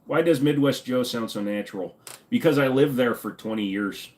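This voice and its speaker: A man's voice: mid-range voice, normal speed, darkish tone. A man in his forties hosting a casual livestream, reading chat messages aloud and answering them in a joking, offhand way. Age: 40s. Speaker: livestream host.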